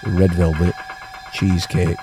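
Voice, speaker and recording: A man doing a gruff northern baker. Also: deep voice, level tone, unhurried, voice pushed down. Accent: Northern English.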